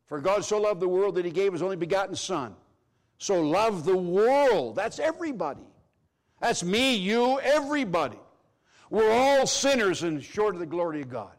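A middle-aged man preaching with a high voice. He is emphatic and presses his points hard, then sinks into low, hushed phrases for effect. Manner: emphatic, swings from loud to hushed. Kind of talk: sermon.

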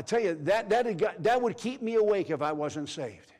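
A middle-aged man preaching a sermon, emphatic, swinging from loud declarations to hushed, low phrases. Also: lively intonation, normal speed, few pauses.

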